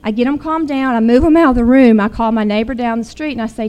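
A woman's voice: fairly high pitch, a little fast, hardly any pauses, a little mellow. A middle-aged woman, earnestly telling a personal story. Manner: earnest, growing intense when retelling. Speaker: guest sharing a personal story.

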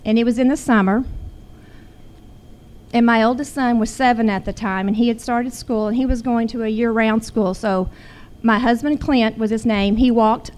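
A woman's voice: fairly high pitch, steady tone, normal speed, darkish tone. A middle-aged woman, earnestly telling a personal story. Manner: earnest, growing intense when retelling. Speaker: guest sharing a personal story.

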